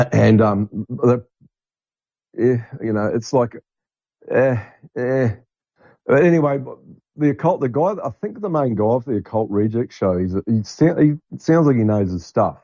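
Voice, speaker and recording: A man's voice: medium pitch, expressive, a little slow, dark tone, dry recording. A middle-aged man hosting a podcast, talking in a blunt, rambling monologue and swearing freely. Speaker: podcast host. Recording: dull lo-fi dry recording.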